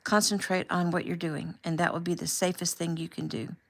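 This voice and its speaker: A woman voicing a young newlywed wife, excited and emotional, raising her voice with a slight gravelly edge. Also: brisk. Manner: excited, higher and louder.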